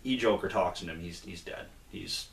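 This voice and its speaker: A man's voice: deep voice, moderate pace, vocal fry. A man casually retelling a comic book's plot in a rambling way, with lots of fillers and acted-out quotes. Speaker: comic book reviewer, co-host. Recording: echoey room.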